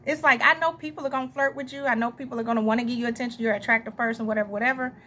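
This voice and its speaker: A woman's voice: on the high side, fairly even intonation, racing, pushed and bright, a little hiss or hum. A young adult woman with a Southern US accent, chatting her way through a tarot reading in a rambling, casual monologue full of asides and laughs. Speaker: tarot reader.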